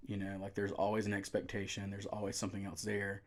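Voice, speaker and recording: A young adult man, a youth pastor telling his story in a relaxed, casual way with many fillers. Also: on the low side, fast talker. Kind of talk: casual podcast conversation.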